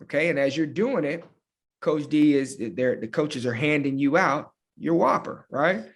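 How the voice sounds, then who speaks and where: A man's voice: fairly high pitch, measured pace. A man from Hampton, Virginia, a football coach, telling a story casually with frequent fillers. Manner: animated, laughing, with lots of fillers like "man" and "you know". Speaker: high school football coach, guest.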